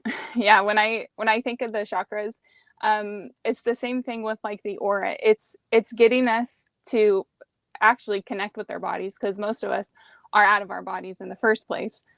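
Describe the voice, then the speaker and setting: Gentle woman explaining chakras, dry sound. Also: mid-range voice, little pitch movement, normal speed, vocal fry, dry recording. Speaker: guest, crystal and chakra teacher. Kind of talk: casual chat and explanation.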